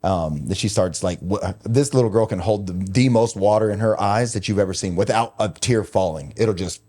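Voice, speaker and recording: Speaking fairly quickly, a middle-aged podcast host shares a personal story in candid, conversational fashion. His low, dark voice carries a confessional, emotional tone, and he swears casually and often.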